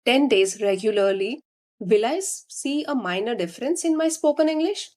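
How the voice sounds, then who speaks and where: A woman with an Indian accent teaching spoken English, explaining slowly and deliberately. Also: fairly high pitch, expressive, a little mellow. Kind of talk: instructional talk to learners.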